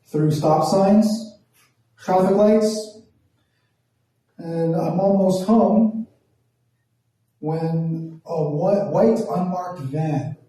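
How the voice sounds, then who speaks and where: A man from Toronto telling a profane, animated stand-up story, acting out the voices in quotes. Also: a little high. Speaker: stand-up comedian. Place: small performance room. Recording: echoey room from far off.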